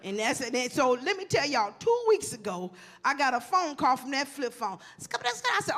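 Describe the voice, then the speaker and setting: High, bright-voiced profane woman comic. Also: brisk, hardly any pauses. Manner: profane, animated, talks straight to the audience. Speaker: stand-up comedian. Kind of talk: stand-up comedy storytelling.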